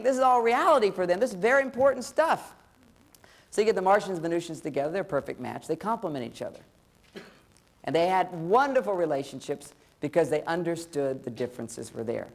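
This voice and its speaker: A man's voice: high-pitched, moderate pace, vocal fry. Middle-aged male speaker, comic lecture delivery, plays both sides of the dialogue. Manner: playful, acts out dialogue. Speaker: relationship speaker. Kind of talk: humorous lecture.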